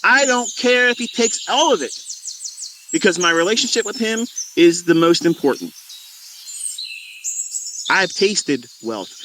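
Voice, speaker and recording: A man's voice: high voice, sing-song, unhurried, pauses often, noisy background. Fervent, preachy middle-aged man. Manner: fervent, preachy, emphatic repetition. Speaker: trading educator. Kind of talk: impassioned monologue to viewers.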